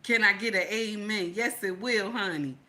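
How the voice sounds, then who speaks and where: Bright-voiced sassy woman chatting live. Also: mid-range voice, moderate pace. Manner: sassy, teasing, chatty with loud laughing outbursts. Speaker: live stream host reading chat. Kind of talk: casual live chat.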